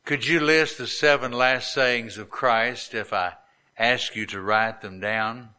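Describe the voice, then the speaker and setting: A middle-aged male pastor preaching in a slow, measured way. His voice is bright and edged with tension, and he gives each phrase its own weight as he tells a personal story from the pulpit. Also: medium pitch, steady tone, smooth. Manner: slow, deliberate, earnest preaching cadence. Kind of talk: sermon storytelling.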